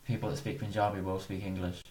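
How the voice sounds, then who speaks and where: A man with a lowish voice talks quickly, dropping dry, wry anecdotes into a casual podcast chat. He comes across as a comedian guest trading stories. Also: little pitch movement, a little mellow.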